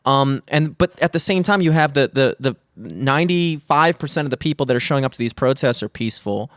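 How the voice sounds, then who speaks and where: A young man co-hosting a studio podcast, telling a story in casual, animated chat with plenty of swearing and acted-out quotes. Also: mid-range voice, brisk, dry recording. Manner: animated, swearing, acts out quotes in raised voices. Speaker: podcast co-host. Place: small studio. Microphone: studio mic.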